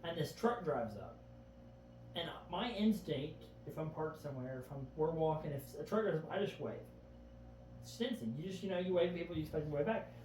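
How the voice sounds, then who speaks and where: A man's voice: on the high side, animated, fairly quick, a little mellow. A man in a casual podcast chat, earnestly retelling events in vivid detail, often starting with "I remember". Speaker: podcast guest. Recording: echoey room, far from the mic, faint background hum.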